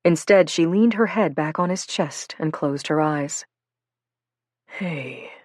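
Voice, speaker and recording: A woman reading a novel aloud in an even, measured storytelling style, close to the mic. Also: low-pitched, dry recording. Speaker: audiobook narrator. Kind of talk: scripted narration.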